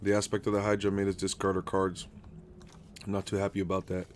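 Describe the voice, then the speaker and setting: This American streamer talks fast in a low-pitched voice, with slight background noise, while playing a card game live. He's excitable and swears a lot, chatting casually with his viewers and naming them.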